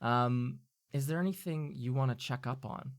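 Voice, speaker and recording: A game master narrating a tabletop game, talking in a halting way with many fillers and theatrical flourishes. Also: medium pitch, dry recording.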